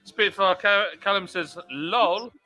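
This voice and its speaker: A man's voice: sits high, slow, bright, forceful tone, soft background music. A man hosting a casual livestream chat, reading out viewer comments in a laid-back, chatty way. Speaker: livestream host. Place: home.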